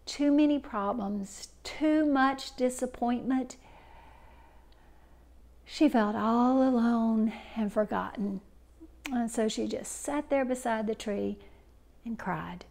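A woman giving an inspirational talk, telling a story expressively and dropping to near whispers at times. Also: sits high. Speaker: inspirational speaker.

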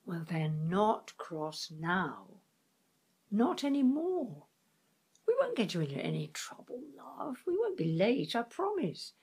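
An actress playing a worn-out sister gently coaxing her brother who has dementia, slow and soothing. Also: medium pitch, big pitch swings, breathy edge, exaggerated voice. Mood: reassuring. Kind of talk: stage drama acting.

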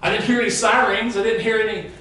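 A middle-aged pastor with a high voice for a man preaches a sermon, telling his story to the congregation in an easygoing, conversational way. His voice rings through a big, very echoey church hall, picked up from a distance with a faint hum of room noise behind it. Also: fairly even intonation, very fast, a bit bright. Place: large church sanctuary. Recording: very echoey hall, mic far off.

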